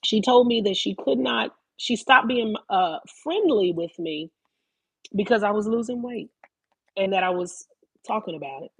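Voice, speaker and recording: Profane, animated woman vlogger, husky. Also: mid-range voice, normal speed, no room sound, low-quality recording. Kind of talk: live-stream rant.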